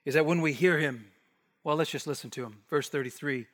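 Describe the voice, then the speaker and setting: A man preaching an expository sermon, emphatic, rising to forceful bursts and dropping to hushed asides. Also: on the high side, a little fast. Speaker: pastor. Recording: long hall reverb.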